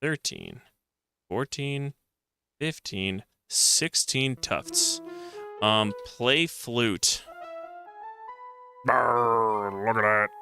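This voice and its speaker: A man's voice: mid-range voice, drawn-out words, long pauses, sharp tone, soft background music. A man streaming a retro adventure game, reading its text aloud and mocking himself with jokey outbursts.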